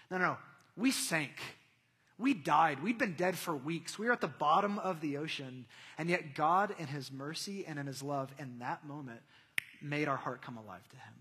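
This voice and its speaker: A man's voice: a little high, fairly bright tone, slightly rough. A young adult man preaching a sermon in a church, casual and conversational, rising to emphatic passages. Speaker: pastor. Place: church hall. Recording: long reverb of a large hall.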